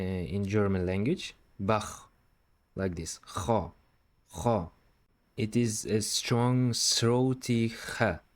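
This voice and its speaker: A man teaching Quran recitation step by step, patiently repeating syllables slowly. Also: fairly low pitch. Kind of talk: slow step-by-step recitation lesson.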